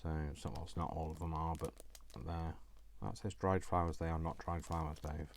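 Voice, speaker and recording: A crafting channel host with a rumbling low, gravelly voice rambles casually, talking to himself as he sorts through craft supplies at his desk. His tone stays level and his pace normal, with slight background noise.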